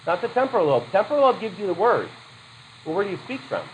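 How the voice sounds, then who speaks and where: In a rough recording with some hiss or hum, a man with a high-pitched, sing-song voice talks fast while lecturing a psychology class. His delivery is loose and conversational, full of questions for students, casual asides and self-corrections.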